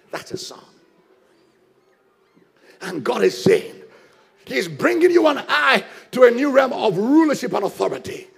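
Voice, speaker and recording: A man preaching a sermon as pastor, shouting and lifting his phrases into a sing-song. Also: sits high, gravelly, husky.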